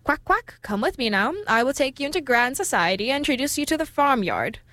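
A woman voicing a fretful, proud mother duck in a storybook reading, with a fussy, lively manner. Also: sits high, a little fast, dry recording, full character voice.

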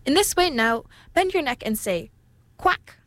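A woman voicing a fretful, proud mother duck in a storybook reading, with a fussy, lively manner. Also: high voice, a little slow, no room sound, pitched above the performer's own voice.

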